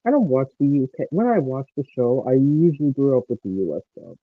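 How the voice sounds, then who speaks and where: A man's voice: medium pitch, expressive, brisk, no echo. A man in casual chat, giving offhand opinions. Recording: dry tinny phone-like line.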